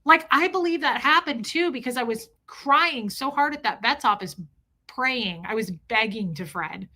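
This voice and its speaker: A woman's voice: fairly high pitch, expressive, moderate pace, pushed and bright. A middle-aged woman hosting a livestream, talking candidly and with emotion while answering her chat. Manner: emotional, candid, talks straight to chat viewers. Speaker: livestream host reading chat.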